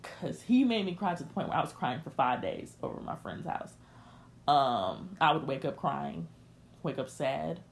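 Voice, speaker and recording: A woman's voice: deep voice, animated, normal speed, gravelly, slight background noise. A young woman hosting a podcast, confiding a personal story in an emotional, candid rant and speaking straight to her listeners. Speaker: podcast host.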